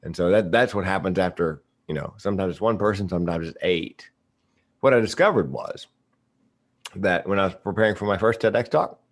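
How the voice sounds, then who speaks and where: A middle-aged man, a comedian and speaker, telling stories as a guest in a casual interview, with punchy comic timing. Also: sits low.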